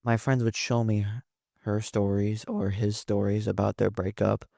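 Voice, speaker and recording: A man's voice: fairly low pitch, level tone, normal speed, vocal fry, mellow, dry recording, clean studio sound. A young man in his late teens, a podcast guest telling rambling stories with lots of fillers and restarts. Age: young adult. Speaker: podcast guest, son of host. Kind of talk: casual storytelling chat.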